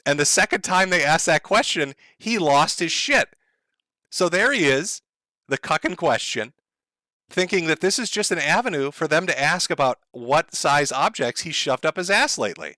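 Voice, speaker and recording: A man's voice: on the high side, lively intonation, moderate pace, sharp tone, dry recording, clean studio sound. A man giving mocking, profane online commentary, sarcastic and laughing at his own jokes.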